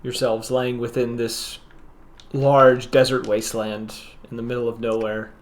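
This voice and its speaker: A man narrating as game master of a tabletop role-play, describing the scene with halting fillers. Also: medium pitch, little pitch movement.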